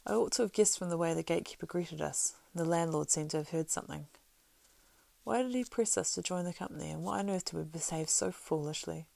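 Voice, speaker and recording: A proud young hobbit answers curtly and suspiciously, as a woman reads him aloud in a storybook. The voice is low-set with some gravel in it, recorded dry. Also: brisk, mellow, dry recording. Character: wary young male hobbit, sharp and proud.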